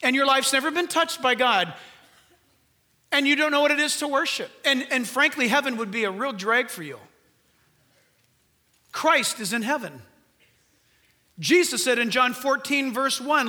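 An older male pastor preaching with a very high, nasal voice that rings bright and sharp. He drives home each point with earnest emphasis, rhetorical questions and flashes of humor. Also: moderate pace, long pauses. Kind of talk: sermon.

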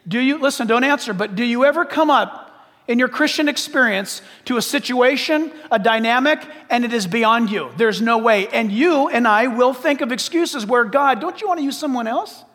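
High-voiced preacher with a long hall reverb. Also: male voice, moderate pace, fairly bright tone. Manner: emphatic, rhetorical questions, repeats "listen". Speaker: pastor. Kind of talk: sermon.

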